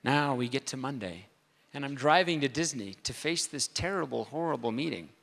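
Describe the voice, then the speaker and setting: A man giving a storytelling talk on stage, animated and comic, acting out the voices in his stories. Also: mid-range voice, moderate pace, creaky. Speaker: speaker at a convention. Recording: long hall reverb.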